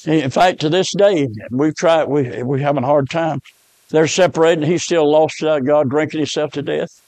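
Male preacher, high-pitched, fiery emphatic sermon delivery, dry recording. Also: fairly even intonation, moderate pace, dry recording. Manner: emphatic, rising to shouts on key words.

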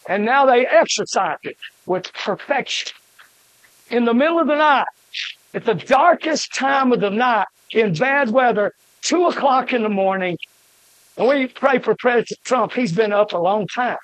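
An older man preaching a fiery sermon, emphatic, with shouted peaks and rhythmic lists. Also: very high-pitched, expressive, normal speed, dry recording, poor audio.

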